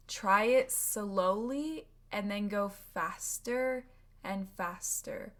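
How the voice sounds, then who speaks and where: An American woman teaching English pronunciation, drilling words slowly and repeating them for practice. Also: medium pitch, a bit bright.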